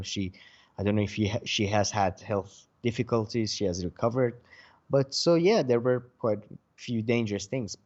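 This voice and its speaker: A man co-hosting a laid-back talk show about the news. He talks in halting bursts, restarting sentences and filling gaps with "uh" and "you know." His voice comes through slightly muffled and lo-fi. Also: lowish voice, a little mellow. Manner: halting, many restarts and fillers, laughs often. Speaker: co-host of a news discussion show. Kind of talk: casual political chat.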